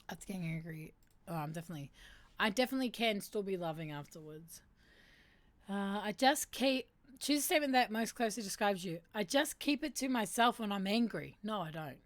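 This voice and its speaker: A woman's voice: medium pitch, expressive, moderate pace, pauses often, no room sound. Woman reading a quiz aloud, dry sound. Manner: reads quiz options aloud and adds wry asides, chatting with viewers. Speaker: livestream host. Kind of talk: casual livestream chat, reading quiz statements aloud.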